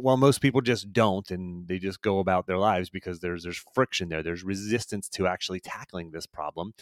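A man, a performance coach, giving a solo motivational podcast talk in an energetic, emphatic way, repeating key phrases. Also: lowish voice, no room sound, clean studio sound.

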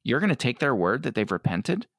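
A middle-aged man talking earnestly as an interview guest, often quoting others in quick asides. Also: medium pitch, sing-song, gravelly, a bit bright, dry recording, studio quality. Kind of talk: conversational interview.

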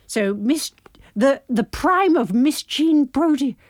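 A woman's voice: high voice, lively intonation, takes it slowly, no echo, clean studio sound. A woman co-hosting a comic podcast, playful and rambling. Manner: playful, rambling, with frequent laughs. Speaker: podcast co-host.

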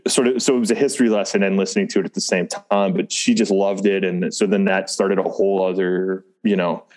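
A man's voice: deep voice, fairly even intonation, a little fast, a little mellow. A middle-aged man in casual chat about parenting and music, rambling and restarting with frequent chuckles. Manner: rambling, self-interrupting, chuckles often.

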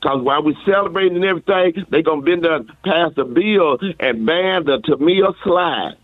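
A man's voice: on the high side, normal speed, no room sound. A man calling into a radio show, rambling and stammering as he repeats himself. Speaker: caller taking a personal day. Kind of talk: comedic radio call-in. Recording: tinny dry phone line.

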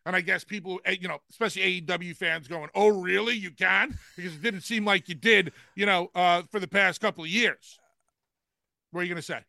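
A man co-hosting a wrestling talk show, who talks deliberately and slows down to spell out his points. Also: sits high, steady tone, gravelly, bright, forceful tone, no echo, clean studio sound. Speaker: podcast co-host, wrestling analyst.

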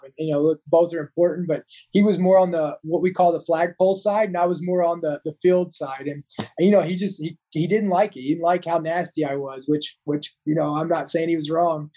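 A man's voice: on the high side, dark tone, poor audio. A man, a Marine veteran telling war stories in an interview, rambling with many restarts. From Kentucky. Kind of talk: casual storytelling interview.

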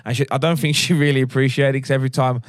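A man's voice: mid-range voice, fairly even intonation, very fast, dry recording, studio quality. A man co-hosting a podcast, easygoing and agreeable. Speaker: podcast co-host. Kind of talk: casual chat.

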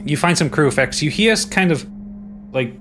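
A man's voice: on the high side, animated, a little fast, a bit bright. Guy running a tabletop game, keeps tripping over his words, faint noise behind him. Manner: stumbling, repeating himself while describing scenes. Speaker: game master.

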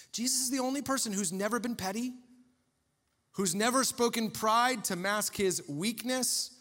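A man preaching a sermon as a pastor, in a conversational, animated storytelling way. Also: high-pitched, long reverb tail.

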